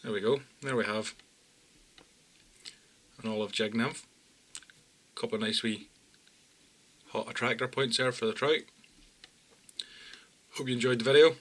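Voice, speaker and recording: Calm man giving fly-tying steps. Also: measured pace, long pauses. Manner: calm, plain instructions, often low and quiet. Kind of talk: step-by-step tutorial narration.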